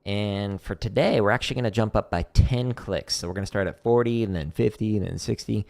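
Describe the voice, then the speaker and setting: A man casually talking through a drum practice stream, explaining relaxed with a dry, deadpan humor. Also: lowish voice, brisk, vocal fry.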